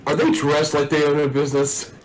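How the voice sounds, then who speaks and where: A man's voice: fairly high pitch, monotone, brisk, a little hiss or hum, poor audio. A man narrating a tabletop role-playing game as game master, in a casual, rambling way with many fillers.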